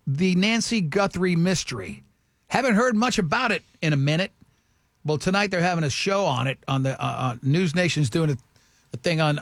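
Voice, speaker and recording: A man hosting a radio show with a high, gravelly voice. He rambles through casual banter and restarts his sentences often. The studio sound is dry and close. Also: fairly bright tone, no echo.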